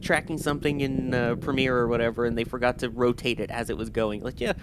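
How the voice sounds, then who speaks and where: A man's voice: medium pitch, steady tone, fast, noisy background. A man hosting a live rocket launch stream, chatting casually, reading out viewer messages and thanking the crew.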